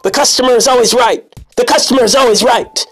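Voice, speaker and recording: A man voicing a drunk, entitled bar customer screaming in a repeated chant, in a high, strained voice. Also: fast, a bit bright, soft background music.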